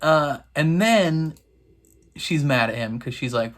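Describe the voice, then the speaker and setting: A man in casual reaction commentary, chatty and wry, laughing often and filling pauses with "um". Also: expressive, a bit bright. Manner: acts out characters' lines in quick high voices. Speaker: reaction video host.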